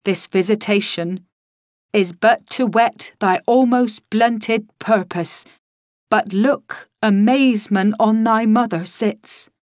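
A woman reading aloud, voicing a male actor who plays a ghost and declaims verse slowly and theatrically. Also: mid-range voice, a little mellow, dry recording, clean studio sound, voice pushed up, close to an everyday voice. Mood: solemn.

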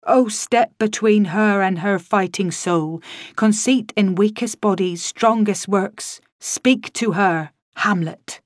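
A woman reading as a slow stagey ghost actor. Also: medium pitch, no echo, studio quality, lightly acted. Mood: pleading. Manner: slow, declaiming theatrical verse.

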